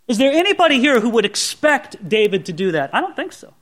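A man's voice: very high-pitched, big pitch swings, fairly quick, few pauses, fairly bright tone. A pastor preaching a sermon to his congregation in an earnest, conversational way, often asking rhetorical questions.

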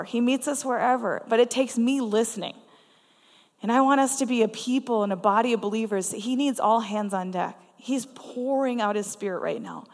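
A woman with a somewhat high voice preaches to a congregation, speaking earnestly and conversationally as she tells personal stories. Her voice carries a long reverb from the church hall. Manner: conversational and earnest, with frequent laughs. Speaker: guest preacher. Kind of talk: storytelling sermon. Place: church sanctuary.

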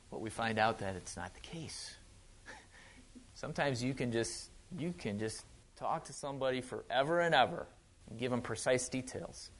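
A man's voice: mid-range voice, animated, normal speed. A man with a Wisconsin accent giving a casual sermon, chatty with joking asides and frequent restarts. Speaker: pastor.

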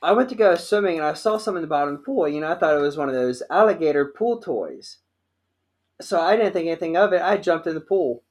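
A man's voice: a little high, animated, quick pace, darkish tone. A man who is a podcast guest, telling stories bluntly in casual chat and swearing freely.

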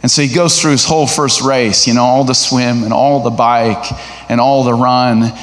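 A middle-aged man preaching a sermon as a guest speaker to a church congregation. He speaks in a lively, conversational way and asks the congregation questions. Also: medium pitch, moderate pace. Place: church sanctuary. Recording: echoey hall reverb.

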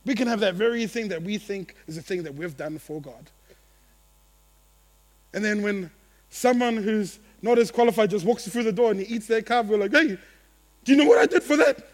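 A man preaching a sermon to his church, animated, acting out the voices of the people in his story. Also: sits high, brisk. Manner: animated, acts out quotes, laughs at own jokes. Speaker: pastor.

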